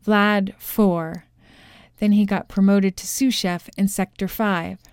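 A woman voicing a gruff, bearded male head chef on the witness stand, with a gravelly voice and halting, mumbled answers, in a storybook reading. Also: medium pitch, fairly even intonation, a little mellow, no echo, studio quality. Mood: defensive.

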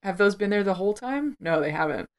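A woman's voice: medium pitch, expressive, quick pace. A woman co-hosting a podcast in casual chat, playful and swearing. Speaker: podcast co-host.

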